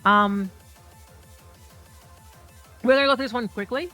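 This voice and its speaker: Bright-voiced woman, profane game commentary. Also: on the high side, a little slow. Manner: excitable, profane, talks to viewers. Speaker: competitive fighting game player. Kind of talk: commentary over her own match footage. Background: faint background music.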